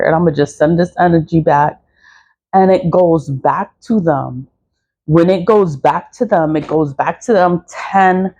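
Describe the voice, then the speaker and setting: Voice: medium pitch, dark tone, lo-fi sound. Speaker in their forties, spiritual practitioner, casual monologue, blunt, preachy, repetitive, swears freely, mid-range voice. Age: 40s. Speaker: spiritual practitioner selling cleansing products.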